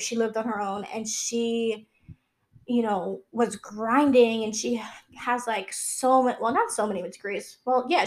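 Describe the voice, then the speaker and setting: A young adult woman vlogging, answering questions in a rambling, casual chat full of "like" and "um". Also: fairly high pitch. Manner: rambling and chatty, lots of "like" and "um".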